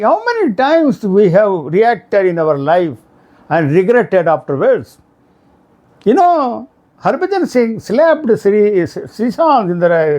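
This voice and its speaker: A middle-aged man with an Indian English accent giving a motivational lecture, telling stories and acting out the quoted shouts. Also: sits high. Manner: animated storytelling, acts out quoted shouts. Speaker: speaker on emotional intelligence.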